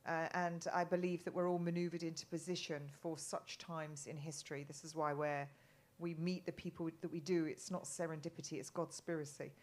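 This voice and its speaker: Rambling low-voiced middle-aged woman. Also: level tone, fairly quick, hardly any pauses, darkish tone. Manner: rambling, many restarts and ums. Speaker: guest. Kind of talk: casual live chat.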